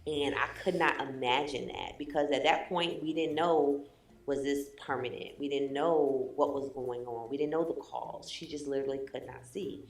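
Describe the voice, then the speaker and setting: A woman with a very low voice speaks earnestly and with emotion in a reality show confessional, often saying "you know." Her voice echoes around the room. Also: fairly even intonation, normal speed.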